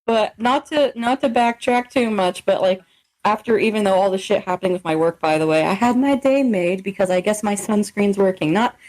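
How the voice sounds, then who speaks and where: A woman's voice: mid-range voice, a little fast, low-quality recording. Laughing, rambling woman in her twenties. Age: 20s. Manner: laughing often, rambling, animated storytelling. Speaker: podcast co-host. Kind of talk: casual chat.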